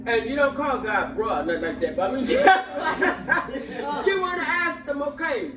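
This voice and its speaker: A woman's voice: high voice, animated, a little slow, crowd noise, noisy background. An older woman in a candid group discussion who tells stories expressively and laughs often. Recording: roomy, distant mic.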